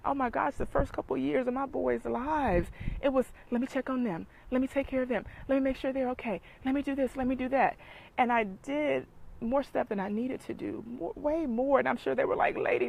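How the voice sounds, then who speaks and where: A woman's voice: high-pitched, normal speed, creaky, darkish tone, low-quality recording. A middle-aged woman, giving an emphatic motivational talk as a dating coach and speaker, preaching and repeating points for emphasis.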